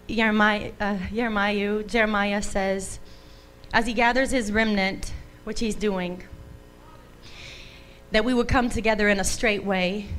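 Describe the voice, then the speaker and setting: A woman's voice: mid-range voice, a bit bright, slight background noise, low-quality recording. A woman giving an earnest church testimony, speaking in exhortative, scriptural phrasing.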